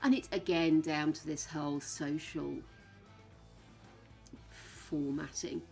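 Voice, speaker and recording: A woman's voice: deep voice, fairly even intonation, takes it slowly, vocal fry, mellow, soft background music. A woman chatting casually with her stream viewers, frank and chatty, swearing now and then. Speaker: game streamer.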